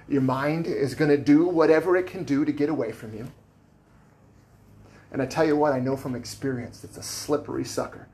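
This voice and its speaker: A man's voice: mid-range voice, a little mellow. A man preaching a sermon as pastor, conversational and plainspoken, with casual asides to the congregation. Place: church sanctuary.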